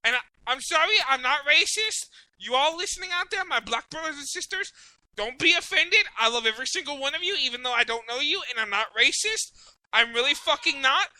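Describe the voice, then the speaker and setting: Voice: high voice, expressive, brisk, sharp tone, dry recording, poor audio. A podcast host ranting in casual profane chat, rambling and apologizing as they go. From Mexican heritage.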